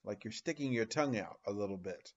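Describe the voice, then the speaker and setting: Speaking in a lowish voice, a man leads young children through phonics, drawing each sound out slowly and posing questions with animated exaggeration. The highs in the recording are cut off.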